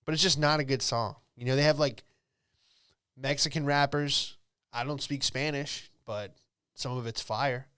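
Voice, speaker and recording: Rambling man with a smooth, dry voice. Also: mid-range voice, steady tone, unhurried, bright, forceful tone, no echo. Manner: rambling, offhand, with frequent fillers. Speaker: comedian and podcast host. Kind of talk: casual solo comedy monologue.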